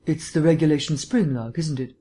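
An audiobook reader voicing an urbane, erudite gentleman detective who lectures in a polished, lightly teasing way. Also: mid-range voice, fairly quick, close to an everyday voice. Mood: probing. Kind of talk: audiobook reading.

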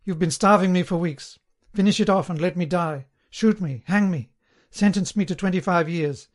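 Guy doing a panicky starving prisoner begging hard, highish voice, audiobook. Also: steady tone, very fast, lightly acted. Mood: frantic. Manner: frantic pleading, high and loud. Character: starving terrified male prisoner begging for mercy.

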